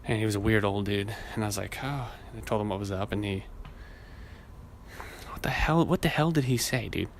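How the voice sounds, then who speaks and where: Talking a little fast but with long pauses, a man with a lowish voice hosts a podcast and spins a rambling, profane tale, voicing the people involved. There's a little hiss or hum in the recording.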